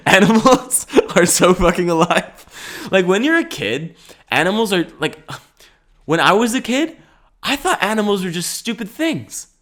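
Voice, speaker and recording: A man's voice: sits high, very animated, a little slow, a bit bright. A man in his twenties hosting a solo podcast, talking in a rambling, jokey way, often laughing and swearing casually. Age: 20s. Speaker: podcast host. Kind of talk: solo comedic podcast monologue.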